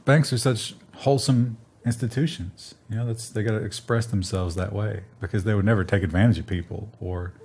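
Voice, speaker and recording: A man's voice: fairly low pitch, brisk, hardly any pauses, darkish tone, slightly rough. A man co-hosting a tech news show in casual chat, making dry, sarcastic jokes.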